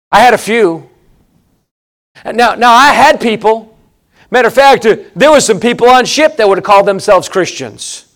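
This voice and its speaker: High-voiced preacher man. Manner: emphatic, repeats phrases, swings between loud and hushed. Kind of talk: sermon.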